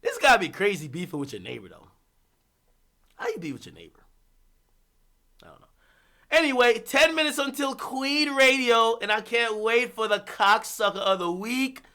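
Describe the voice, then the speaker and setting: Lively, bright-voiced man ranting on stream. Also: very high voice, moderate pace, long pauses. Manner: animated, profane, bursts of laughter. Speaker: livestream host and hip-hop commentator. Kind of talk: casual livestream rant.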